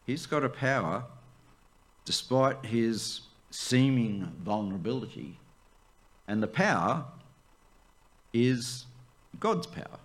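A man, the church's pastor, preaching a sermon, swooping up high for emphasis and dropping to a near hush. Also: expressive, slow pace, pauses often.

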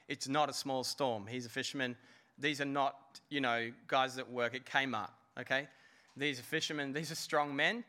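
Man, pastor, sermon, bright forceful voice, slightly high, chatty preaching with rhetorical questions.

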